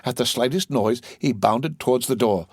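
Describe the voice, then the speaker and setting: A man narrating a classic novel as an audiobook with a steady, even reading. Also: medium pitch, moderate pace, no echo, clean studio sound.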